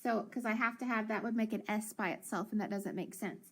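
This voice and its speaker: A woman teaching a phonics lesson to children, sounding out letters and words slowly and clearly. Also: medium pitch, fairly even intonation.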